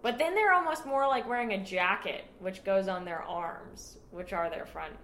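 A woman co-hosting a podcast in casual chat, playful and quick to laugh. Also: mid-range voice, fairly bright tone, a little hiss or hum. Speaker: podcast co-host. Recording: echoey room.

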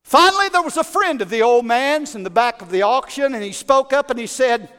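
A man preaching a sermon, telling a story dramatically and building to shouted praise in a large church hall. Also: very high-pitched, big pitch swings, normal speed, vocal fry. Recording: long hall reverb.

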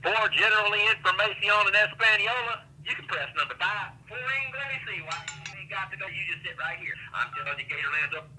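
A man doing a folksy rambling phone greeter, high lively voice, very bright, tinny phone line. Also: a little fast, few pauses, a little hiss or hum, full character voice. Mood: goofy. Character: hammy yeehaw man on a phone recording. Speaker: answering machine greeter.

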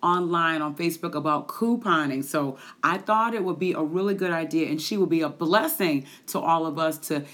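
A woman hosting a Christian podcast, with a lively, preacher-like, sing-song delivery, in her forties. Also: deep voice, normal speed, few pauses. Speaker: podcast host.

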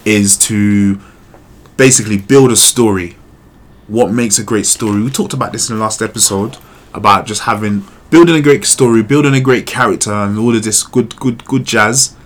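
A man co-hosting a podcast, chatting casually in an animated, slangy way and swearing freely. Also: on the low side, normal speed. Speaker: podcast co-host. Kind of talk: casual chat.

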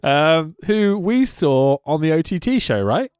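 A man co-hosting a wrestling podcast in casual chat, swearing freely, laughing often and rambling quickly. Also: a little high, very animated, a little mellow, smooth, no room sound, clean studio sound.

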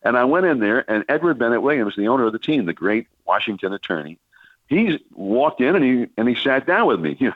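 A man's voice: medium pitch, big pitch swings, brisk, dry recording, phone-quality sound. An older man, a veteran baseball broadcaster, telling long rambling stories on a sports talk radio show. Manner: rambling anecdotal storytelling with many restarts and fillers.

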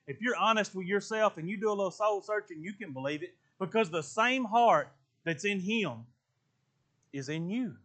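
A male preacher giving an emphatic sermon in an unusually high, bright voice. He talks in plain colloquial speech and moves between loud exclamations and low, earnest stretches.

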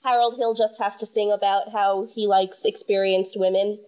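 A woman's voice: medium pitch, fairly even intonation, moderate pace, darkish tone. A woman hosting a podcast, chatting casually with wry, opinionated banter. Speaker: podcast host. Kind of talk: casual chat.

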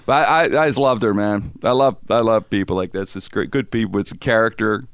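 A man's voice: on the low side, fast talker, clear, resonant tone, no room sound. A man animatedly telling a funny story on a podcast, laughing often. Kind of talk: comedic storytelling chat.

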